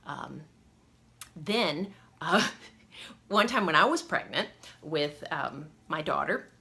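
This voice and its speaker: A woman's voice: low voice, animated, takes it slowly, vocal fry, sharp tone. A woman telling embarrassing stories from her life in a rambling, self-mocking way, laughing often. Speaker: vlogger telling personal stories. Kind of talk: casual story-time vlog.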